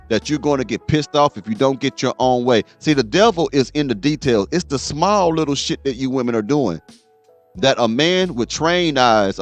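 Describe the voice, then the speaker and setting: A man's voice: mid-range voice, no echo. A man hosting a show, lecturing his audience as he reacts to a clip and repeats "okay?" to drive points home. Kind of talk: reaction commentary.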